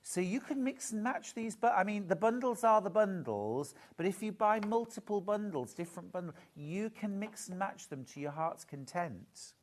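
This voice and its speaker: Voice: mid-range voice, animated, moderate pace, few pauses. A presenter showing off fabric bundles live, gushing and admiring in a chatty way. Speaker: shopping channel presenter.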